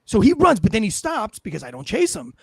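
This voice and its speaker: A man with a high voice tells a story as a former police officer, animated and swearing freely while he acts out each exchange. He sounds close and dry, with no room sound. It is casual talk-show chat. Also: a little fast, gravelly, breathy edge, no echo. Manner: animated, profane, acts out what people said.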